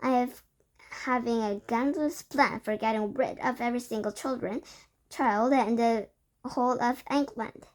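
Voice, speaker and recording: A woman voicing a domineering female witch leader, declaiming loudly and barking orders. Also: on the high side, unhurried, close to an everyday voice. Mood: commanding. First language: Korean.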